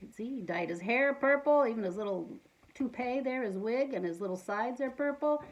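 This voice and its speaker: A woman reads a picture book aloud to children, her voice lively and swooping. She sits a little high in pitch and adds playful asides between the lines. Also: normal speed, low-quality recording. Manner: animated, playful, adds asides to young listeners. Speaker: storytime reader.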